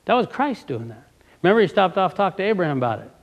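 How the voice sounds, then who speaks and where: A man delivers a fervent sermon, reading a passage and then breaking off to question his listeners. His voice sits a little high and carries a gravelly fry. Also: big pitch swings, fast talker, muffled recording. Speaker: preacher. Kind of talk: sermon reading from a book with commentary.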